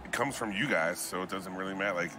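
A man's voice: sits low, fast, background noise. A man calling play-by-play on a football video game match, teasing his co-hosts playfully. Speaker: esports commentator. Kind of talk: casual esports commentary.

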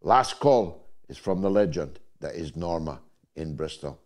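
Older male host, unhurried and deliberate, rhetorical delivery. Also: low voice, expressive, a little mellow. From Scotland. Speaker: talk show host. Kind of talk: call-in talk show.

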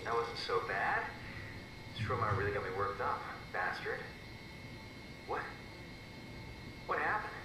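A man's voice: lowish voice, very animated, slow, pauses often, noisy background. An actor playing a frightened man trapped in a simulation, pleading and repeating himself, heard as game audio. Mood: uneasy. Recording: roomy, distant game audio with ambience.

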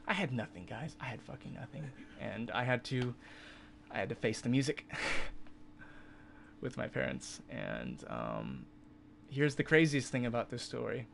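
A young man in his twenties, a streamer casually telling a story to his chat, animated and swearing freely, with loud incredulous outbursts. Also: medium pitch, measured pace, vocal fry, slight background noise. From California. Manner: swears freely, filler-heavy.

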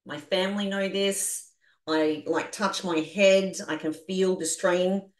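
A woman with an Australian accent leading a group coaching session on a video call, energetic and animated as she coaxes the group through exercises. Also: fairly low pitch, slow pace, reverberant. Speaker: business coach.

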